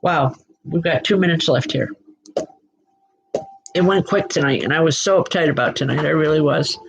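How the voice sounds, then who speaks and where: Here a woman with a low, creaky voice speaks at a moderate pace as she hosts live spiritual readings. She calls viewers by name to reassure them, stumbles through fillers and restarts, and keeps asking "okay?". The audio is poor, with slight background noise.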